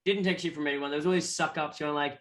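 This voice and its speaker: Aussie guy telling a wild story, lively, a bit high-pitched, swears a lot. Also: fast. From Australia. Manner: animated, acts out other people's voices; swears casually. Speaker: guest musician. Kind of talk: casual storytelling.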